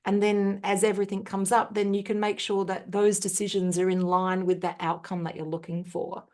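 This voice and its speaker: A woman, a podcast guest, sharing a personal story in an earnest, thoughtful way with frequent pauses and restarts. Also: medium pitch, flat delivery, darkish tone.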